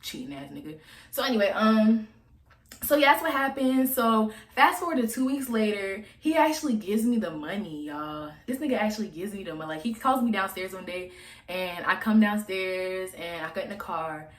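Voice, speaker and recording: A woman's voice: mid-range voice, expressive, moderate pace. A woman in her twenties telling a story to camera, blunt and profane, chatty and casual. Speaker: vlogger. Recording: echoey room.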